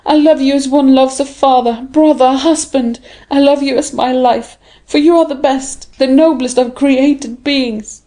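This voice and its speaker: A woman's voice: fairly even intonation, a little slow, hardly any pauses, mellow. Audiobook: woman reader voicing an adoring young heroine, raised and urgent. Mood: fervent. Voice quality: high, fervent.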